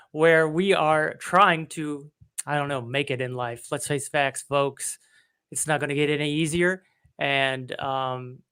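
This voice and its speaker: A man's voice: fairly high pitch, pushed and bright, clear, resonant tone. A man co-hosting a comedy podcast, rambling through self-deprecating stories and acting out bits of dialogue. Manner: self-deprecating, rambling, acts out voices in anecdotes. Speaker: podcast co-host.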